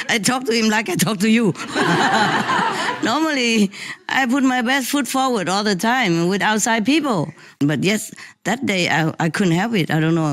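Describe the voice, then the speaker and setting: A spiritual teacher telling a casual anecdote on a live stream, in chatty, non-native English with many repeated words and frequent laughter. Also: medium pitch. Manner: laughs often while telling. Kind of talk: casual anecdote told to listeners. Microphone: live stream microphone.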